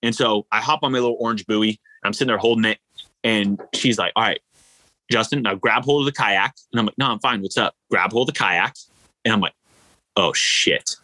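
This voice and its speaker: Casual, bright-voiced male athlete storyteller. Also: on the low side, brisk, dry recording, rough recording. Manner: animated, rambling, filler-heavy storytelling. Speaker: ultra-endurance athlete guest.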